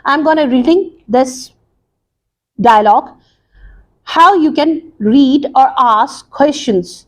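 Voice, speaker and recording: Woman English teacher, high voice, slow, deliberate lesson delivery. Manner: slow, deliberate explaining with many pauses and repeats. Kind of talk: recorded classroom lesson.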